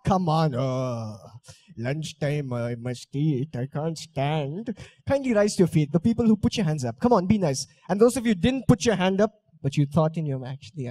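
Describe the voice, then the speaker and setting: A man's voice: high-pitched, warm tone, husky, no room sound. A young man, talking on stage and playfully teasing and coaching his audience. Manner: playful, teasing, coaxing the crowd. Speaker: speaker on stage. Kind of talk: live talk with audience drills. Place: auditorium stage.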